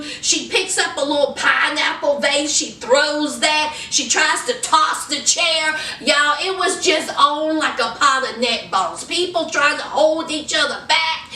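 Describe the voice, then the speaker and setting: A woman giving a casual, sassy gossip recap in an animated storytelling way, calling her viewers honey and y'all. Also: high-pitched, unhurried, recorded from a distance. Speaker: recap vlogger. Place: indoor room under hot lights. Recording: roomy, mic set back.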